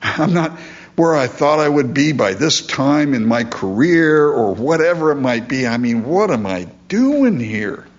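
Male pastor, unhurried and earnest, preaching with lively rises and falls in pitch, slightly muffled lo-fi sound. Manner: earnest, emphatic preaching with rhetorical questions. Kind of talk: sermon.

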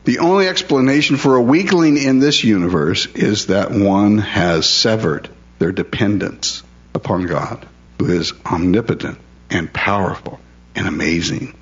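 A man's voice: lowish voice, animated, a little slow, dull audio. A male pastor preaching a conversational sermon, asking his listeners questions and confessing his own struggles.

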